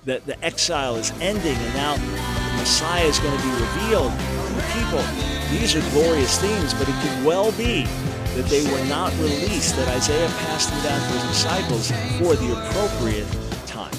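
A man's voice: a little high, lively intonation, normal speed, loud music behind the voice. A man hosting a radio talk show, speaking emphatically and with animation, stressing key words. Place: radio studio, audio only.

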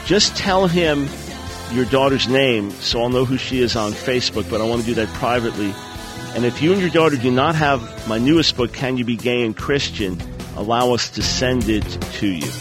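A man's voice: medium pitch, lively intonation, moderate pace, music in the background. A man hosting a Christian call-in radio talk show in a studio, speaking with an earnest, fervent preacher's delivery. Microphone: studio microphone.

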